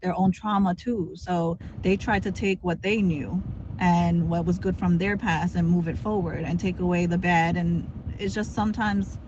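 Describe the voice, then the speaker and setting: A woman's voice: lowish voice, steady tone, moderate pace, background noise. Upbeat woman guest on a dull line. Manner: upbeat, encouraging, fillers of "like". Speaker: guest streamer. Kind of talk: casual chat.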